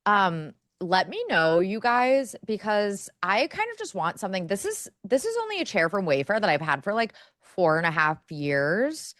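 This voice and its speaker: A woman's voice: medium pitch, sing-song, moderate pace, few pauses, a bit bright, no room sound, studio quality. A young woman co-hosting a podcast, chatting casually and rambling with lots of filler words. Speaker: podcast co-host. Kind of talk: casual chat.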